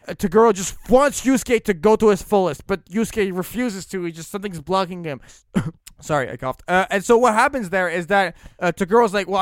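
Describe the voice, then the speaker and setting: A man's voice: high-pitched, clean tone, no room sound, studio quality. A man co-hosting a podcast, casually rambling about anime characters with frequent restarts. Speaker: podcast co-host.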